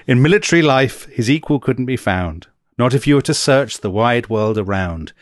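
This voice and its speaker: A man co-hosting a history conversation, reading verse aloud with amusement and often trailing off quietly. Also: mid-range voice, no room sound, studio quality. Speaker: podcast co-host.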